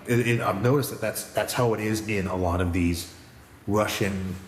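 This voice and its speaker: A man co-hosting a casual podcast chat, an animated storyteller who rambles with restarts. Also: lowish voice, normal speed, roomy sound, in a large hall, slight background noise. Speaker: podcast co-host.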